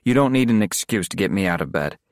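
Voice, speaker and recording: A man voicing a gracious middle-aged woman pastor, speaking in a brisk, affectionate and husky way. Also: lowish voice, lively intonation, no room sound, clean studio sound, pitched above the performer's own voice. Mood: teasing.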